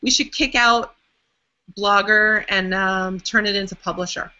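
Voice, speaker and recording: A woman's voice: medium pitch, fairly even intonation, unhurried, sharp tone, highs cut off. A woman co-hosting a live web show over a video call, friendly and encouraging as she speaks to the guest and the viewers. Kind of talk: casual chat on a live-streamed video call.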